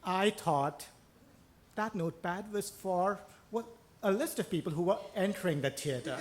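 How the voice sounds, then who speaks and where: Wry, self-mocking male storyteller on stage. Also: high-pitched. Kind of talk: live first-person storytelling. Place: stage before a live audience in a bookstore.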